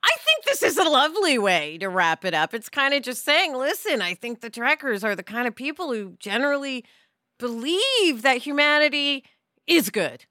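A woman's voice: high-pitched, big pitch swings, normal speed, pushed and bright, no echo, studio quality. A woman co-hosting a podcast, chatting expressively and casually. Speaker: podcast co-host.

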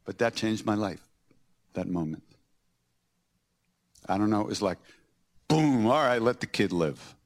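A podcast host with a low, unhurried voice tells personal stories, leaving long pauses. He's animated, acting out the scenes and laughing as he goes.

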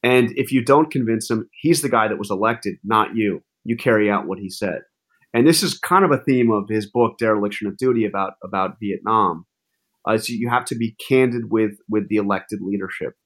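A man's voice: on the low side, brisk. A man, a journalist guest in an interview, telling stories animatedly with frequent restarts. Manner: animated, with many restarts and fillers. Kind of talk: casual interview storytelling.

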